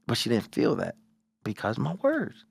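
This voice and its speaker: A male podcast co-host tells a story in loose, profane conversation. His voice swings widely in pitch and carries a gravelly rasp. The sound is dry and close. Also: moderate pace, dry recording. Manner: animated storytelling, profane, acts out quoted voices. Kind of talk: casual podcast chat.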